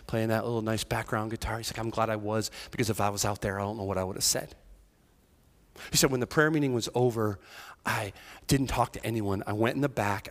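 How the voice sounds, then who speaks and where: A pastor with a lowish voice delivers a sermon in a conversational style, shifting between hushed, almost whispered stretches and raised, emphatic ones.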